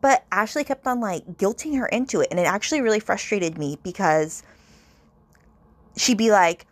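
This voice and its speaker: A woman's voice: mid-range voice, lively intonation, fairly quick, dry recording. A woman hosting a podcast, chatting casually about a novel, retelling scenes in quoted voices with lots of "like" and exasperated asides. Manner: frequent "like" fillers, exasperated asides. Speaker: podcast host. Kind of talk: casual book review chat.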